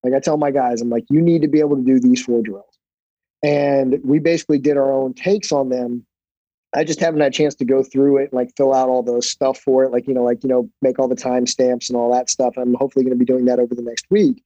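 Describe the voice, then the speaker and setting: A man's voice: medium pitch, flat delivery, fast, mellow, dry recording, lo-fi sound. A man, a jiu-jitsu instructor on a podcast, telling stories casually with loose, profane talk and many fillers. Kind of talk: casual storytelling.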